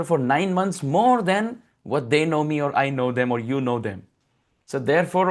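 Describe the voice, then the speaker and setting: A man's voice: on the high side, animated, moderate pace. A man giving a devotional scripture lecture, reciting Sanskrit verses and explaining them. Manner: recites Sanskrit verses and acts out a pleading child with raised voice. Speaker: spiritual teacher.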